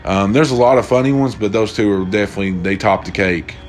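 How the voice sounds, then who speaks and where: A young man with a lowish voice talks fast as he hosts a casual solo podcast. He rambles and swears freely, retelling stories in a loose, profane style.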